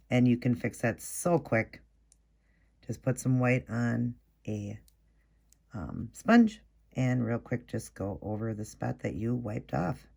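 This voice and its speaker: A man's voice: medium pitch, vocal fry. A man hosting a casual, chatty step-by-step nail art tutorial, explaining each move as he works. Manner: chatty, explains while working, quick apologies.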